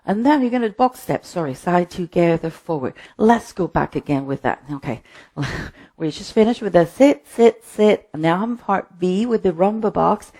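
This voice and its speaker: Female dance instructor, low mellow voice with a gravelly edge, chatty, counts steps out loud. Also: animated, moderate pace. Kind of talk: live-streamed dance class. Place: home.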